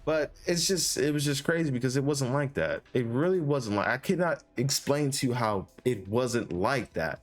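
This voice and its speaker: A man's voice: mid-range voice, normal speed, hardly any pauses, faint music behind. A young man telling a casual story about his life in a vlog, rambling with many restarts and fillers and some swearing.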